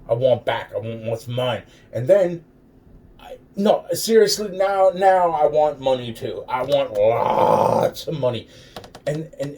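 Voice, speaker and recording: A man's voice: mid-range voice, warm tone. A man in a rambling, profane monologue, swearing constantly and chuckling between phrases. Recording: distant mic with faint background noise.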